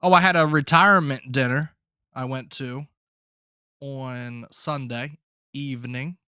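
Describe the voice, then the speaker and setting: A man hosts a casual solo podcast, telling rambling stories straight to his listeners. He speaks slowly in a bright, forceful voice, and the sound is dry and close. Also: medium pitch, steady tone, smooth, no echo. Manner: loose, rambling storyteller who addresses listeners as folks. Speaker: podcast host.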